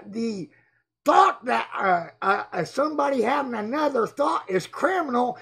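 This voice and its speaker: Guy ranting on a livestream, super gravelly husky voice, slow drawl, yelling and mocking the chat. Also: very high-pitched. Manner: loud, mocking, excitable, often shouting. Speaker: livestream host. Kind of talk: casual livestream rant reading chat.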